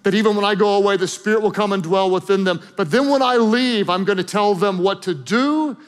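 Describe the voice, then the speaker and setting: A man voicing a gentle, earnest son figure who stammers slightly as he reassures, in a sermon. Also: high voice, fairly quick, clear, resonant tone, pitched above the performer's own voice, lightly acted.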